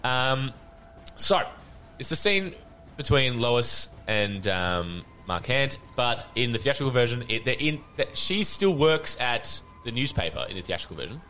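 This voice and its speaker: A man hosting a casual, sweary chat, animated and laughing often. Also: medium pitch, unhurried, a little hiss or hum. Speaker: podcast host.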